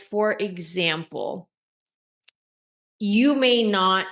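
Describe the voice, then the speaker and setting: A woman coach giving dating advice to camera, high-energy and eccentric, with deliberate, emphatic delivery. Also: a bit bright.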